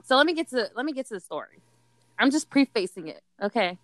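A woman's voice: a little high, sing-song, fast talker, no room sound, rough recording. A young woman telling a candid story in casual chat, dramatic and laughing often. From Latin American heritage.

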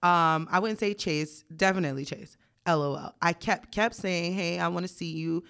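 A young woman co-hosting a casual podcast tells a story bluntly and with profanity, reading text messages aloud and laughing often. Her voice is lowish, creaky, fairly bright and clean, delivered at a moderate pace.

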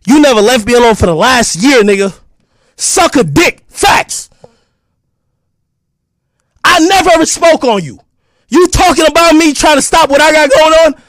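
A man with a podcast delivering an aggressive, profane callout, taunting and often shouting. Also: very high voice, animated, moderate pace, pauses often, no room sound, studio quality. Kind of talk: heated callout rant to camera.

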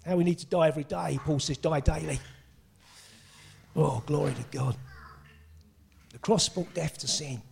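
A middle-aged man preaching a sermon, excitable and breaking into shouts and exclamations. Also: fairly high pitch, normal speed, creaky, pauses often, breathy edge.

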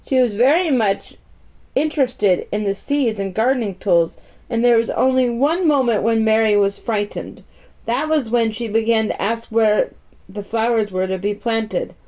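A woman reading a children's story aloud in a gentle, homey storytime manner. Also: fairly high pitch, normal speed. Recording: muffled lo-fi recording.

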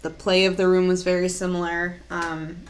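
Easygoing young woman with a lowish voice. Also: moderate pace. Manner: relaxed and laughing easily, with fillers and repeats. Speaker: podcast co-host. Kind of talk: casual podcast chat.

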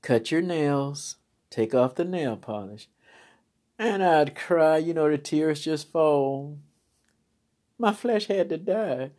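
A woman's voice: low-pitched, animated, slow pace, mellow. A middle-aged woman preacher giving a personal testimony, telling her story with laughter and feeling. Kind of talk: testimony sermon.

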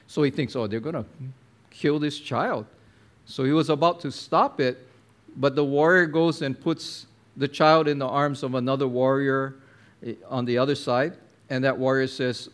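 A man preaching a sermon, telling a story with lively acted-out quotes and talking to the listener directly. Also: mid-range voice, unhurried, smooth. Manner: animated storyteller, acts out quotes, addresses listener as my friend.

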